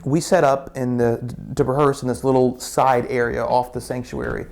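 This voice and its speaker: A man's voice: medium pitch, little pitch movement, normal speed, vocal fry, darkish tone. Man telling a rambling story. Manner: rambling, many restarts and repeated words. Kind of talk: casual spoken storytelling.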